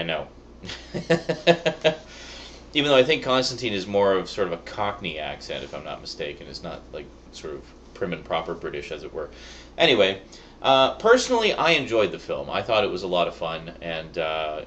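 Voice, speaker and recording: A man with a very low voice chats his way through a movie review, pausing often on ums and uhs. A faint hiss sits under the recording. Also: a bit bright. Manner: rambling, with many fillers. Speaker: YouTube reviewer. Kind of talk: casual review.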